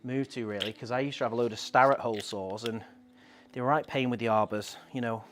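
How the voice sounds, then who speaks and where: A man's voice: medium pitch, fairly even intonation, fast, fairly bright tone. A man hosting a casual live stream, chatting in a rambling way and reading out viewer comments.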